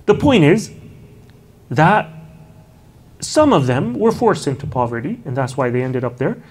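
A man giving an unhurried lecture on early Islamic history, telling stories and often adding Arabic honorifics and casual "you know" asides. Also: fairly high pitch, sing-song, darkish tone, breathy edge.

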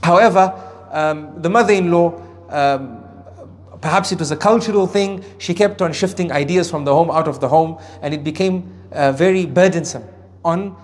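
A man preaching a sermon on Quran verses. He swings between raised emphasis and hushed asides, and recites Arabic phrases with careful pronunciation. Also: fairly high pitch, moderate pace. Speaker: Islamic preacher.

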